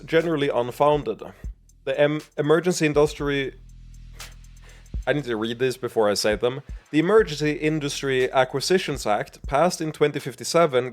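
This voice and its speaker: A man streaming a video game, chatting casually, swearing a lot and reading game text aloud. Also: mid-range voice.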